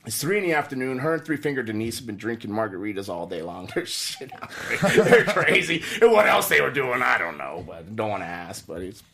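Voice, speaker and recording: A middle-aged man tells a story in quick, tumbling bursts of casual chat. His pitch swings up and down as he goes, he laughs often and swears freely. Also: very animated, gravelly, crowd noise. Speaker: podcast guest.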